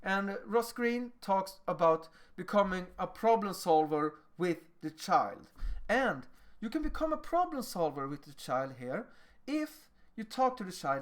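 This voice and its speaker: Swedish guy lecturing teachers, lively up and down voice, acts out convos. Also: sits high, unhurried. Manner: animated, acts out dialogues with children.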